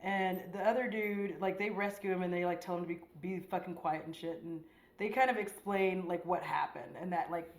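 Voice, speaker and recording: A woman's voice: on the low side, steady tone, moderate pace, reverberant, poor audio. A woman beauty vlogger chatting casually while doing her makeup, rambling in a slangy, profane way with lots of "like.".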